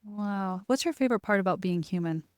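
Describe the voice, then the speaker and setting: A woman's voice: mid-range voice, animated, a little fast, dry recording, studio quality. A woman hosting a podcast interview, eager and affirming, chiming in with short agreements. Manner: affirming, eager, often laughing along. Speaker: podcast host. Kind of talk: casual interview chat.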